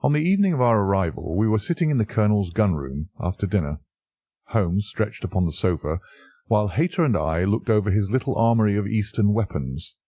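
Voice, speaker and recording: Male audiobook narrator, low and husky, dry studio sound. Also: lively intonation, fairly quick, warm tone, no room sound. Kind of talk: scripted narration.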